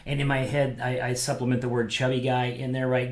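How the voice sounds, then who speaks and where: A brisk, medium-pitched male pastor guides a casual small-group Bible lesson, his microphone feed streamed to online viewers in reverberant audio. His manner is animated and conversational, sprinkled with fillers, and he acts out quotes.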